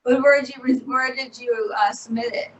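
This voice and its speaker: A woman's voice: high-pitched, fairly even intonation, moderate pace, highs cut off. Woman host asking questions, lots of ums, echoey room, mic kinda far off, little hiss. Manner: hesitant, many fillers. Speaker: interview host. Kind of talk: casual interview. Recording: roomy, distant mic, faint noise.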